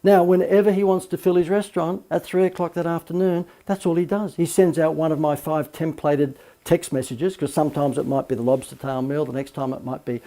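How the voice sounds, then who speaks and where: A man, a marketing coach, giving a recorded course lecture full of lively anecdotes and emphatic asides. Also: on the high side, brisk, hardly any pauses.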